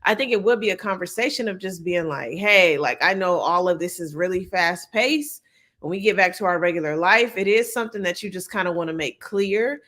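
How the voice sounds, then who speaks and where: A woman's voice: on the low side, fairly quick. A young woman chatting casually through a show recap, acting out what people said. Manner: chatty, animated, acts out quotes. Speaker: reality show recap host. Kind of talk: casual chat, live recap.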